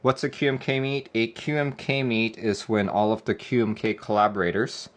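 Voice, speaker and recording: A man's voice: fairly low pitch, fairly even intonation, normal speed. A man live-streaming a keyboard build, chatting casually and joking with viewers. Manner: laid-back, joking with chat, often laughing.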